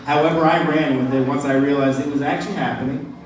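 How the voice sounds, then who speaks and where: A man doing a stand-up comedy set and hosting the show, telling crude stories in a brash, animated way. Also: fairly high pitch, quick pace, recorded from a distance, slight background noise. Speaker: stand-up comic and show host. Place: small comedy club stage. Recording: echoey room miked from afar, crowd heard. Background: audience laughter.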